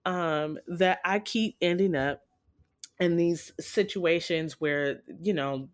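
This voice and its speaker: A woman casually telling a personal story in a frank, profane and animated way, jumping in pitch as she retells moments. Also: slow pace.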